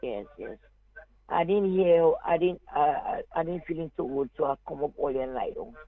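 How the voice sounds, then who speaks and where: A woman's voice: deep voice, animated, normal speed, no room sound. Woman caller on a tinny phone line. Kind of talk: phone-in chat.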